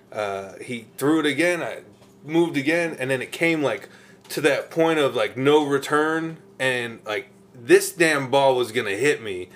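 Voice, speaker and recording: Man, mid pitch, casual chat, swearing, anecdotal. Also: fairly bright tone.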